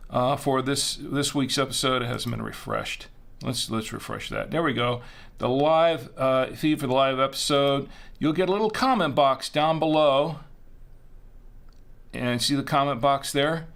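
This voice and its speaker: A man's voice: medium pitch, fairly bright tone. A man hosting a live-streamed show, chatting casually in a rambling way and correcting himself as he goes. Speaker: host.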